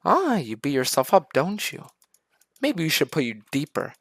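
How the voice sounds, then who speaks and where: A man's voice: on the high side, huge pitch swings, normal speed, fairly bright tone, breathy edge, dry recording, studio quality, full character voice. A man voicing mocking asylum guards who mutter and sneer at an inmate.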